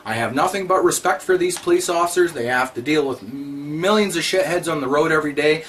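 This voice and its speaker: A man's voice: a little high, a little fast, fairly bright tone, a little hiss or hum. Blunt man scolding his viewers. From Canada. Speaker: vlogger. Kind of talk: ranting monologue to camera.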